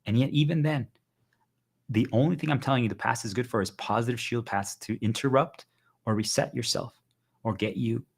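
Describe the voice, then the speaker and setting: A man's voice: medium pitch, brisk, gravelly, husky. A male livestreamer giving an urgent, insistent motivational monologue to his viewers, hammering points home with repeated phrases.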